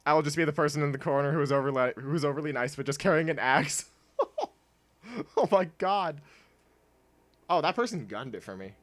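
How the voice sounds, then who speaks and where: A man's voice: fairly high pitch, animated, brisk, pauses often. A young man chatting casually while streaming a video game, rambling with lots of fillers and laughing often. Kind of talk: casual gameplay stream chat.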